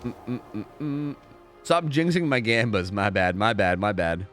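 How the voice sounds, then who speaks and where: A man's voice: lowish voice, fairly even intonation, normal speed, fairly bright tone, faint music behind. A young man casually commentating a game live on stream, rambling, repeating himself and swearing freely.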